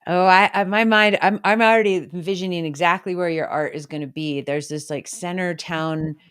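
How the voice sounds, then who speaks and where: A woman's voice: lowish voice, steady tone, a little fast, a bit bright, clear, resonant tone, dry recording, clean studio sound. A woman podcast host in a casual remote interview, gushing with enthusiastic praise.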